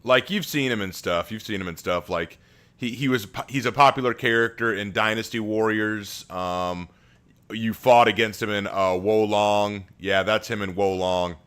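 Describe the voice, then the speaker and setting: A man's voice: lowish voice, steady tone, moderate pace, fairly bright tone, clear, resonant tone. A man hosting a casual live stream from home, chatting with viewers and reading their messages aloud.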